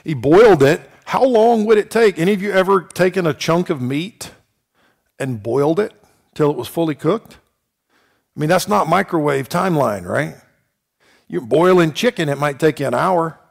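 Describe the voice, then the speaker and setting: A man teaching a Bible class in a folksy, conversational way, asking his listeners questions and reading scripture slowly. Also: on the high side, lively intonation, gravelly. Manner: reads scripture slowly and deliberately.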